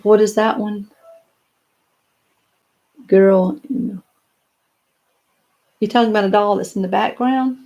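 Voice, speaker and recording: An older woman with a gentle drawl, chatting on a live stream. She talks in a loose, rambling way, full of little restarts, and answers viewer comments one after another from her home office. Her pitch sits right in the middle for a woman. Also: steady tone, takes it slowly, pauses often. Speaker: doll collector hosting a live stream. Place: home office lined with doll showcases.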